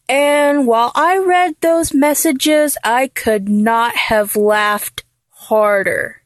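A woman's voice: a little high, very slow, dry recording. A young woman in a dominant audio role-play, taunting and mocking her listener with frequent laughter and drops into a whisper.

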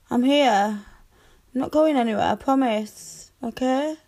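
Slow, gravelly-voiced woman soothing her partner. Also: high voice. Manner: soothing, tender, reassuring, with soft hushing. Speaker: role-play performer. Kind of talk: girlfriend comfort audio role-play.

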